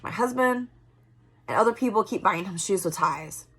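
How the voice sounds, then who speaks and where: A woman in her forties talking casually and candidly to her viewers in a vlog, moving between loud remarks and soft, whispery asides. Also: medium pitch, lively intonation, moderate pace. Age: 40s. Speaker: vlogger.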